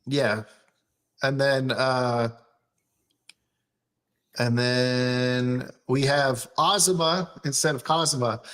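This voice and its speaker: A man's voice: fairly high pitch, a bit bright. A man hosting a casual chat show, recapping an anime episode with lots of laughter and swearing, acting out characters' quotes in a raised voice. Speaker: show host.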